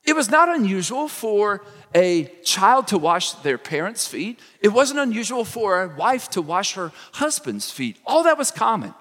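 Male pastor, expressive sermon delivery, reverberant sanctuary sound. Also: high-pitched, a little slow. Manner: expressive preaching, acts out quoted lines.

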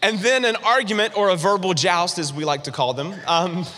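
A man preaching a sermon, telling a funny personal story with animated, humorous delivery. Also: high-pitched, normal speed, big-room sound. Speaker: pastor.

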